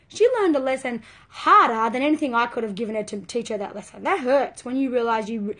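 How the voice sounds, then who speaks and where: High-voiced earnest parenting coach woman. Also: fairly quick, hardly any pauses, sharp tone. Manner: earnest, emphatic, conversational. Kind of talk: live video talk to viewers.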